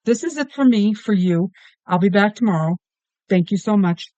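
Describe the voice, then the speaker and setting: High-pitched male tarot reader, earnest and emphatic, dry close sound, slightly dull audio. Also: expressive, normal speed, warm tone, dry recording. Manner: earnest, emphatic, keeps asking why. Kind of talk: solo tarot reading monologue.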